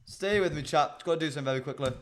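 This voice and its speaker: A man's voice: on the high side, rapid-fire, slight background noise. A man hosting a casual football live stream, chatting straight to his viewers with frequent ums. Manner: chatty, addresses chat directly, frequent ums. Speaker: livestream host.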